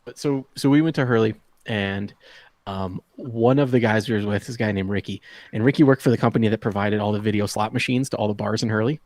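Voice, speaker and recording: A man's voice: fairly low pitch, fast talker, darkish tone, dry recording. A man in his thirties telling a long story to friends in a casual chat, laughing often and acting out the people he quotes. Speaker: podcast host.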